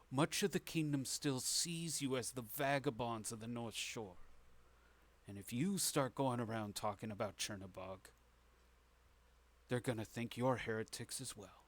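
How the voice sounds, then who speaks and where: A man voicing a stern, guarded female scholar who gives urgent, hushed warnings. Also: medium pitch, lightly acted.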